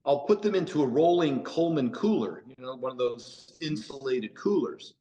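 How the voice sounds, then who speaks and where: An American man appears as a podcast guest, telling stories casually in an expressive, dark, medium-pitched voice at normal speed. He restarts often and sprinkles in "you know," and the audio is poor.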